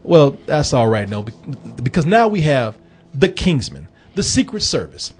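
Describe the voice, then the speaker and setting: A man hosting a movie review podcast, talking in an animated, joking, profane casual chat. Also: medium pitch, normal speed, slightly rough.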